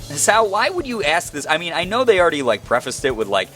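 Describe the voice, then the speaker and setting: A young man reading a visual novel aloud as its narrator, breaking off into animated, self-mocking commentary. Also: mid-range voice, a little fast, soft background music. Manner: animated, laughing asides between read lines. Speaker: game streamer.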